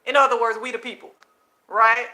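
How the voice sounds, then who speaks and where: A high-voiced woman with a bright, forceful tone preaches to her viewers from home at night. She calls them family, repeats phrases for emphasis and laughs often between points. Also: level tone, a little fast. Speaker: host of her own channel. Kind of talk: casual preaching monologue to viewers. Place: home at night, children nearby.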